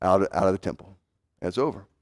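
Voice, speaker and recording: Here a preacher goes fast, his sermon swinging from heightened urgency down to hushed, subdued stretches. He repeats words to stress them, preaching with strong emphasis.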